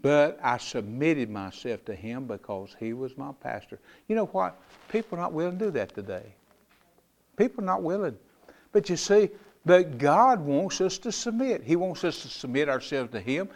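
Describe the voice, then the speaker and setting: A middle-aged man from North Carolina, preaching a fervent sermon with sudden loud rises and quiet drops. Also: a little high, lively intonation, moderate pace. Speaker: pastor.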